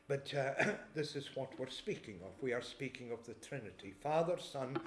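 A man of ordinary pitch preaches a measured sermon, reading scripture slowly and pausing to explain each verse. He clears his throat now and then. The sound rings around an echoey church with faint ambience behind. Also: animated, a little hiss or hum.

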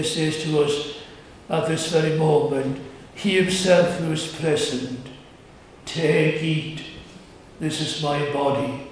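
Male preacher, measured earnest delivery, big church reverb, faint hiss. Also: on the high side, darkish tone. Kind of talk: communion sermon. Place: church sanctuary. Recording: very echoey church, distant mic, faint hiss.

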